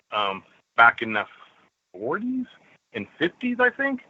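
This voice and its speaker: A male caller with a very bright, sharp tone and a pitch that leaps around as he jokes. He rambles and giggles between thoughts. The line is muffled and dry. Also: very animated, measured pace, dry recording. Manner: joking, giggly, meandering. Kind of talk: casual call-in chat. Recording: lo-fi dry phone-in audio.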